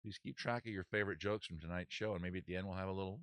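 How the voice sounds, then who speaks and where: A man's voice: deep voice, steady tone, rapid-fire, a bit bright, no echo. A man hosting a comedy livestream, rambling and self-mocking in a casual chat style. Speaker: host.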